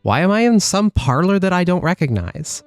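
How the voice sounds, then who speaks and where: A man's voice: high-pitched, big pitch swings, normal speed, no echo, faint music behind. A man reading a visual novel aloud, voicing a confused young woman in a plain, puzzled way. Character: confused young woman waking in a strange parlor.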